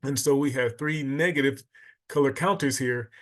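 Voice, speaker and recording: A man's voice: mid-range voice, normal speed, a bit bright. A man teaching a math lesson, patiently explaining and counting items aloud step by step.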